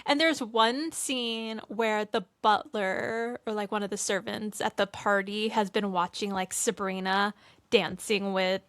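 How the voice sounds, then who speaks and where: Young woman, podcast cohost, casual and animated; bright, dry close-mic sound. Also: mid-range voice, unhurried, no echo. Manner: animated, acts out movie scenes in quoted voices. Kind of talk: casual chat.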